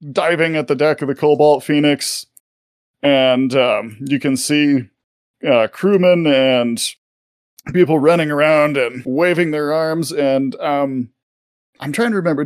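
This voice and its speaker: A man's voice: fairly high pitch, a little slow, no room sound, studio quality. A man narrating a tabletop game as game master, rambling with many fillers.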